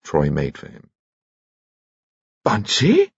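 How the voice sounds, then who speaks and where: Deep, husky male audiobook narrator. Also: animated, moderate pace, dry recording, lo-fi sound. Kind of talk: scripted narration.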